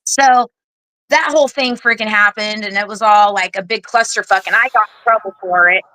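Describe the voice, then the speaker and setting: Bright-voiced woman recounting her story bluntly. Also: medium pitch, normal speed, no room sound, low-quality recording. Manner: candid and blunt, with casual swearing; animated, acts out other people's lines. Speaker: guest, Air Force veteran. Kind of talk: casual storytelling interview.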